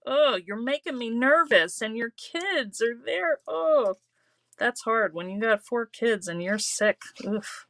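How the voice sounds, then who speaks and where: A woman's voice: fairly high pitch, animated, slow, fairly bright tone, no echo. A woman hosting a live crafting show. She chats casually and rambles, laughs often, and leans on "you know" while reading viewer comments. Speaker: host of a live craft stream.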